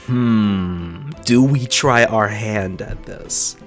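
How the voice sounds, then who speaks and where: A man's voice: lowish voice, drawn-out words, soft background music. A man streaming a game, cracking jokes and profane asides between voicing characters. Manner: joking, laughing, profane asides. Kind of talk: live-stream chat and voice acting.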